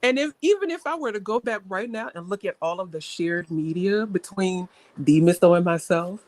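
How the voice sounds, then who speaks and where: A woman's voice: lowish voice, lively intonation, normal speed, a little mellow, no echo. A young woman hosting a live online panel, telling stories in a casual, chatty way and defending herself. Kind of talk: casual talk on a live stream.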